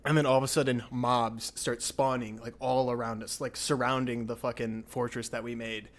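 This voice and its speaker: A young man hosting a podcast, telling a story in a rambling, excitable way with lots of filler words. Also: medium pitch, moderate pace. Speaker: podcast host. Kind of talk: casual storytelling chat.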